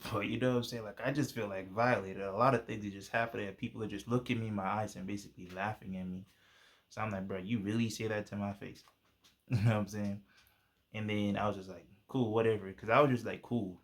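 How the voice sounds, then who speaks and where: A young man casually telling a personal testimony, using laid-back slang and plenty of fillers. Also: on the low side. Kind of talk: casual storytelling.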